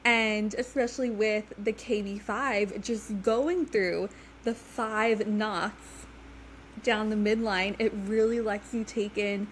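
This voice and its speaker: A woman's voice: mid-range voice, fairly even intonation, slow pace, slight background noise, poor audio. A young woman hosting a casual interview, chatty and upbeat, heavily pregnant. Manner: chatty, upbeat, frequent "like" and "mm-hmm". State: heavily pregnant, due today. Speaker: podcast host.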